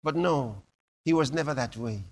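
A man preaching a sermon, telling stories dramatically with sudden loud bursts and hushed drops. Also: mid-range voice, moderate pace.

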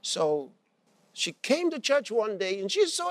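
A man's voice: sits high, sing-song, a little slow, fairly bright tone, a little hiss or hum. A man preaching a sermon, telling a story and acting out its characters' lines, repeating phrases for emphasis.

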